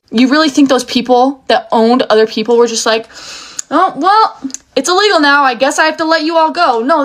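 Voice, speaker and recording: A young woman giving a heated, emotional rant straight to the camera, swearing often. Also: on the high side. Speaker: video commentator.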